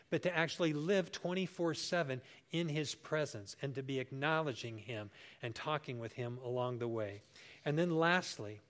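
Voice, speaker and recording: An older man preaching, with a voice that sits a little high for a man. He tells a homely story and acts out the voices he quotes in sudden, lively bursts. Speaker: pastor. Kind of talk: sermon.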